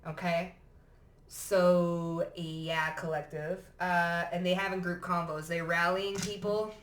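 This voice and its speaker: A woman's voice: on the low side, little pitch movement, slow, recorded from a distance. A woman giving a casual tarot card reading to camera in a blunt, profane and emphatic way. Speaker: psychic tarot reader. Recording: echoey room.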